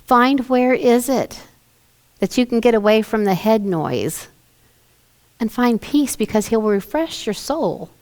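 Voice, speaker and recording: A woman pastor preaching a sermon in a gentle, conversational way, asking her listeners questions. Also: fairly high pitch, animated, slow.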